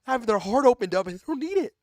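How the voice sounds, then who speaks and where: A young man co-hosting a podcast in casual chat, animated and laughing often, dropping slang like "bro" and "dude". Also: very high voice, very fast. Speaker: podcast co-host.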